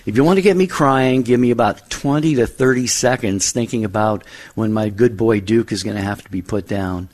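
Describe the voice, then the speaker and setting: A man co-hosting a call-in radio show, speaking earnestly and gently. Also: fairly low pitch, brisk, hardly any pauses.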